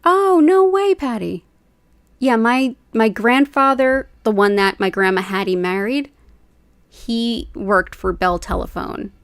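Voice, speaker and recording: A woman's voice: medium pitch, fairly even intonation, unhurried, clear, resonant tone, dry recording. Host, woman, 40s, rambling casual chat, dry close mic. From United States. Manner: chatty, rambling, says "like" often. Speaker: Reiki livestream host. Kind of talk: casual chat with live viewers.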